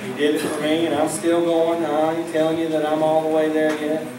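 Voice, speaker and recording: A man's voice: on the high side, completely flat delivery, a little fast. A man preaching with folksy fervor at a church service, leading his congregation in call-and-response prayer. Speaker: pastor. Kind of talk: fervent preaching. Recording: echoey church from a distant mic with music.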